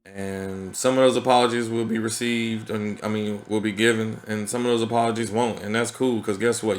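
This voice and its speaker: A man's voice: fairly low pitch, steady tone, unhurried, fairly bright tone. Earnest man in a reflective vlog. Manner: earnest and conversational, peppered with "you know what I mean". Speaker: vlogger. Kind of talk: reflective casual vlog talk.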